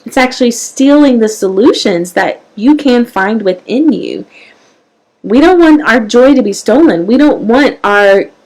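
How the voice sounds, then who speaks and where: A woman hosting a parenting show, giving an earnest, animated motivational talk straight to her viewers. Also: fairly high pitch, unhurried, rough recording. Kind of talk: live-streamed motivational talk.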